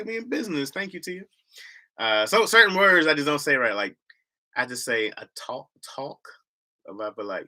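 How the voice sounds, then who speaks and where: A man's voice: medium pitch, a little slow, pushed and bright. A man with a Michigan accent hosting a livestream, chatting casually in a slangy, rambling way and laughing often. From Lansing, Michigan, US. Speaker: livestream host.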